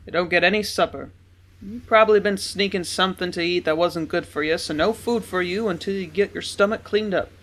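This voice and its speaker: A woman reading an audiobook and voicing a stern, gruff sea-captain father who scolds his child. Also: fairly low pitch, fairly quick, natural voice. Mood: scolding.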